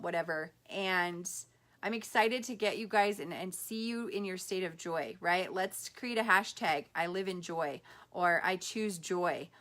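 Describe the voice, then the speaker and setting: A woman's voice: mid-range voice, a bit bright. Chatty upbeat woman on a live stream. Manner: upbeat, chatty, lots of fillers and quoted dialogue. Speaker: spiritual healer hosting a live stream. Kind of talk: casual live-stream chat.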